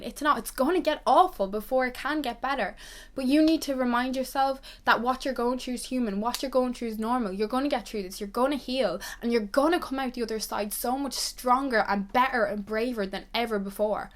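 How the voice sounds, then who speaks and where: Earnest young woman, higher voice. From Ireland. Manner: earnest, reassuring, repeats herself for emphasis. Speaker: vlogger. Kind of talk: heartfelt pep talk to camera.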